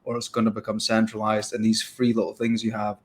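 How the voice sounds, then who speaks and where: A man's voice: fairly low pitch, completely flat delivery, a little fast. Fired-up male podcast host. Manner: fired-up, rambling, acts out quoted voices. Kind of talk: casual interview chat.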